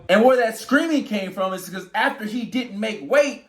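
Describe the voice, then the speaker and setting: A young man, a boxer telling his story casually, animated and swearing as he acts out quotes. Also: high-pitched, moderate pace, few pauses. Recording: echoey room.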